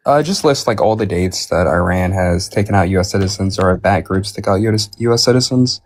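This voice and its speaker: A man debating casually on a call, quick and dismissive. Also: deep voice. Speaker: debate caller.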